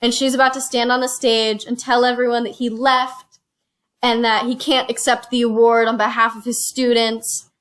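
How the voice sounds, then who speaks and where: A chatty woman with a fairly high voice tells a story in a lively, animated way, dropping into little quoted voices as she goes. She sounds like she's talking into a phone camera in a relaxed home chat. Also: moderate pace, clean tone. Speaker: reviewer and show host. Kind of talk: casual chat, retelling a movie plot. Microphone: phone used as camera.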